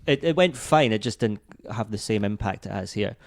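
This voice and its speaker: A Scottish comedian with a softened accent, chatting casually and dryly as a podcast guest, swearing now and then. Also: male voice, fairly low pitch, a little fast, vocal fry, dry recording. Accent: Scottish, toned down. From Scotland. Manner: relaxed, dry, swears casually.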